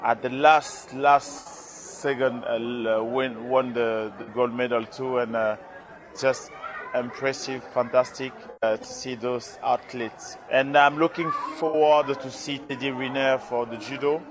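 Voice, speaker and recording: A man speaking English with a French accent, his voice hoarse, answering questions in a live interview with many pauses, fillers and restarts. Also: mid-range voice, steady tone. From France. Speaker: interviewee, former rugby player. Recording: loud crowd behind, outdoor event.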